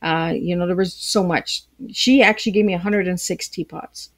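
A woman's voice: lowish voice, fairly even intonation, normal speed. A woman from Canada, a podcast guest speaking on a video call from her tea room at home, chatty and rambling in a playful way. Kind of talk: casual interview conversation.

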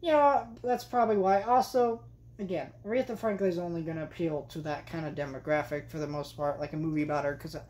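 A woman's voice: sits low, fast talker, a little mellow, slight background noise. Young woman ranting in a movie vlog. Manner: exasperated, chatty, many fillers. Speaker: movie vlogger. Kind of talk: casual movie review rant.

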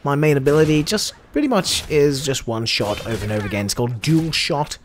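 A man's voice: mid-range voice, fairly quick, slight background noise. Chatty Australian man narrating gameplay. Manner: chatty, jokey, excitable. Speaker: gameplay video host. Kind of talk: casual gameplay commentary.

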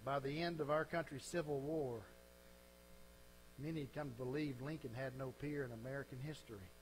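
A man's voice: medium pitch, steady tone, a little fast, a little hiss or hum, poor audio. A man preaching a sermon as a pastor, telling folksy stories and closing in earnest prayer.

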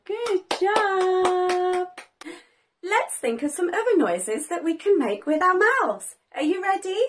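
Slow, very high, sing-song woman teaching toddlers. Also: animated. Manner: sing-song, gasps for effect, lots of praise. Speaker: preschool teacher, host. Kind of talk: children's educational video.

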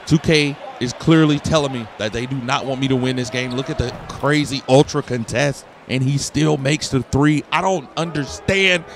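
A man giving excited, trash-talking play-by-play commentary over his own basketball video game session. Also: medium pitch, moderate pace, few pauses, a little hiss or hum. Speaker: gaming video creator. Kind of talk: gameplay commentary.

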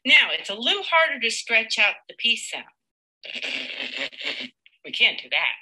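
A woman teacher leading a live demonstration lesson with a child, patient and encouraging, slowly sounding out words. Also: a little high, sing-song, pushed and bright, breathy edge, poor audio.

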